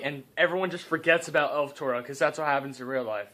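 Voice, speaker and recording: Young man, slightly high voice, improvised comedic storytelling, rambling, self-interrupting. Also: fairly even intonation, a little fast, a bit bright.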